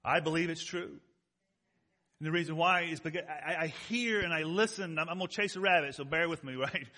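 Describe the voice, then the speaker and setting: Emphatic pastor with a bright high voice. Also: male voice, brisk. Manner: emphatic, asks the congregation questions; rises loud on key words, drops soft and intimate. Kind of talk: sermon.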